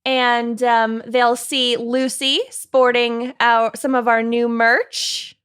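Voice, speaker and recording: A woman's voice: a little high, level tone, slow pace, fairly bright tone, smooth. A woman co-hosting a true crime podcast in casual, joking chat with friends. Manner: laid-back, joking. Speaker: podcast co-host.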